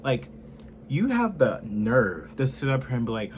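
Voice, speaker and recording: A man in his twenties ranting heatedly and profanely in a political commentary, swinging from loud outbursts to low muttering. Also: sing-song, measured pace, a little hiss or hum. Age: 20s.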